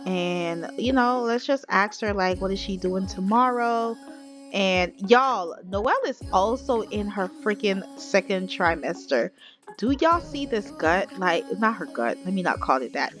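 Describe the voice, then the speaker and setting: A chatty woman vlogger narrates her life-sim gameplay and talks straight to her viewers in a casual, gossipy way. Her pitch is middling, and soft music plays faintly underneath. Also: lively intonation, unhurried. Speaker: gaming vlogger.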